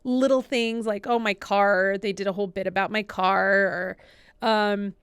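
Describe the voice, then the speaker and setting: A woman in her thirties, a podcast co-host telling stories casually in an interview, full of "like" fillers and lively retellings. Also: mid-range voice, a little slow, clear, resonant tone, dry recording, clean studio sound. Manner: chatty, many "like" fillers, animated retellings. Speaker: podcast co-host and assistant, guest.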